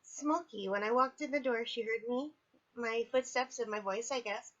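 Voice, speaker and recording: Woman vlogger, fairly high voice, chatty and candid, recovering and sore, dull lo-fi home audio. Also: normal speed, a bit bright. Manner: chatty, candid, apologetic asides. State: recovering from surgery, in pain. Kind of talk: casual personal video diary. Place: at home, indoors.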